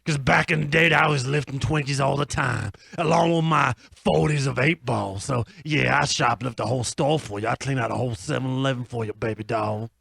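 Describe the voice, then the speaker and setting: A man's voice: mid-range voice, fairly quick, creaky, few pauses, fairly bright tone. A man playing a brash, slangy streetwise bachelor on a dating show in an improv comedy radio sketch.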